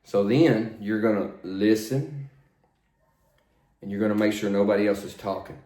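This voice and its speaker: An older man working as a flight instructor, coaching in a plain, steady, repetitive way. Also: on the low side, normal speed. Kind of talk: spoken instruction, demonstrating radio calls. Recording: roomy echo.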